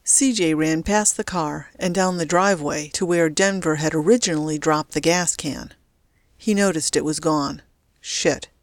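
A woman narrating a story in a steady, even reading voice. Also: low voice, moderate pace, no echo, clean studio sound. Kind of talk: audiobook narration.

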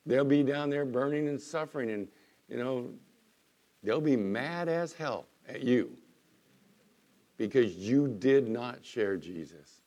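A man preaching as pastor, dropping to soft, earnest tones and then rising into loud, emphatic bursts. He voices the objections of doubters as he goes. His voice sits in a middle pitch for a man. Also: lively intonation, takes it slowly. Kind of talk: sermon.

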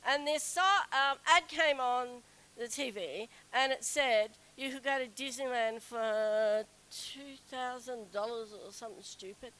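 A middle-aged woman telling a personal story to an audience in a chatty, animated way. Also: a little slow, clean tone, rough recording. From Australia. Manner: chatty, animated, acts out quoted whining in a high voice. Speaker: speaker telling a story to a group.

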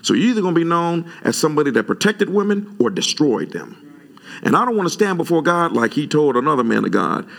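A man preaching a sermon, animated and conversational, jumping high in pitch when he retells his own words. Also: fast, vocal fry. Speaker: pastor.

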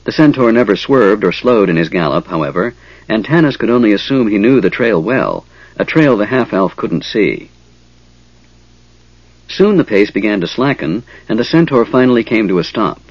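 A man narrating a fantasy audiobook in a measured, expressive way, on a dull, dry recording. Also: fairly low pitch, no echo.

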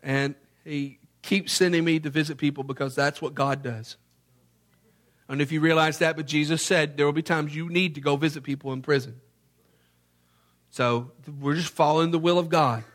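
A man, from Memphis, Tennessee, preaching a sermon as an animated storyteller who acts out the scenes. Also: a little high, normal speed.

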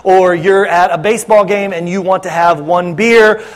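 A man's voice: high voice, steady tone, normal speed, long reverb tail. A man preaching as a pastor, talking to his congregation in a conversational, joking way. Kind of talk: sermon Q&A.

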